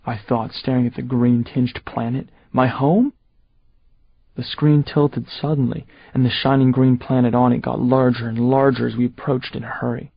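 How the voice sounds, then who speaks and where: A man narrating a first-person audiobook in a steady, measured storytelling voice. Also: medium pitch, gravelly, breathy edge, no room sound, muffled recording.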